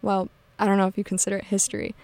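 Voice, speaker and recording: A woman's voice: medium pitch, monotone, rapid-fire, darkish tone, no room sound. A young woman hosting a college radio show, talking loosely and casually with lots of fillers. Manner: chatty, loose, many fillers and "like"s. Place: radio studio.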